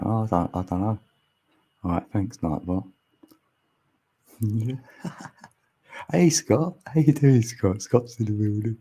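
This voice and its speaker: A man hosts a livestream, chatting casually with viewers and rambling through his musings, laughing frequently. He speaks into a mic mounted on an arm extension, and his mid-range voice sounds dark and slightly rough.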